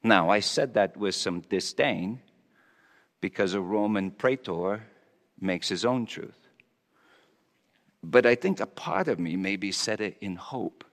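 A man's voice: lowish voice, animated, slow pace, long pauses, fairly bright tone, in a large hall, full character voice. A man playing Pontius Pilate as a conflicted Roman governor, speaking a stammering, confessional monologue in character. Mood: brooding. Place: church hall.

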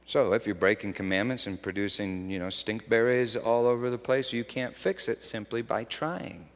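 A man's voice: lowish voice, steady tone, normal speed, in a large hall. A man preaching a conversational sermon in an earnest, personal storytelling manner.

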